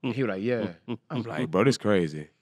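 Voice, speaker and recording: A man's voice: on the low side, fairly quick, no echo, studio quality. A young man in his twenties, a football player, earnestly retelling an emotional story and acting out everyone's lines. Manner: animated, acts out the dialogue of people in his story. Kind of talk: casual storytelling interview.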